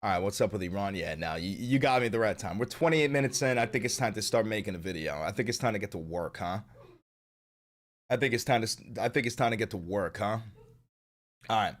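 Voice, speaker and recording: A man's voice: lowish voice, lively intonation, brisk. A man hosting his own political commentary show, ranting casually and swearing constantly in a blunt, fired-up way. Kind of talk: casual profane political rant.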